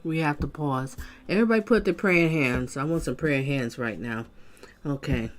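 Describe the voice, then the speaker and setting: A woman's voice: low-pitched, normal speed. Woman, livestream host, emotional, casual, speaks to viewers. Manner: emotional, talks directly to her viewers. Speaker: livestream host reacting to trial footage. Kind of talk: casual commentary.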